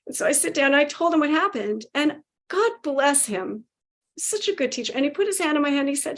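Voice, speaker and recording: A woman guest telling a spiritual story with animated emotion, acting out quotes and laughing. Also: high-pitched, fairly quick.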